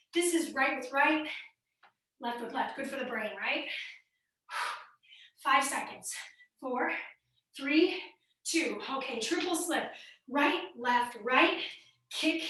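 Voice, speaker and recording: With a high, bright, forceful voice, this woman runs a live online fitness class, cheerfully counting reps and correcting form. The mic is placed at a distance in an echoey room.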